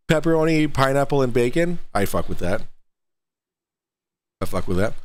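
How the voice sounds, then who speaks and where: A man's voice: on the high side, big pitch swings, takes it slowly, long pauses. A man hosting a casual livestream talk show, joking, swearing and laughing a lot.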